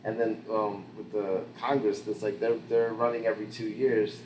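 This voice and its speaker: A man's voice: lowish voice, normal speed. A man co-hosting a podcast, chatting casually about politics and telling stories with lots of quoted voices and laughter. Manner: animated storyteller, jumps into quoted voices, laughs often. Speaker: podcast co-host. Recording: roomy with faint background noise.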